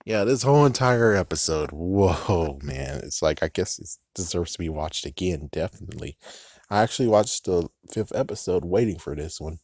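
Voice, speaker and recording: A man with a very low voice rambles through a show recap. He swears freely and laughs along the way. He is recorded close up in a dead, dry room. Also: expressive, moderate pace, darkish tone, no echo. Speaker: channel host recapping an episode. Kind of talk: casual recap vlog.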